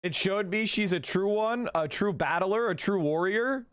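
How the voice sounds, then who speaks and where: A man hosting a political livestream, talking in a casual, profane, animated way with rapid asides. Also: high voice, smooth.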